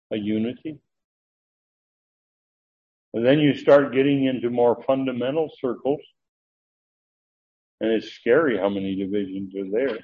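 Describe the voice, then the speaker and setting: A man preaching a verse-by-verse sermon in an earnest, emphatic way, often restarting and pausing on filler sounds. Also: mid-range voice, slightly rough. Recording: narrow, tinny phone-like sound.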